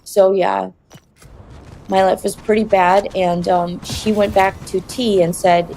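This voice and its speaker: A woman telling her personal story in an interview, in a halting, confessional way. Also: medium pitch, flat delivery, a little mellow, slight background noise.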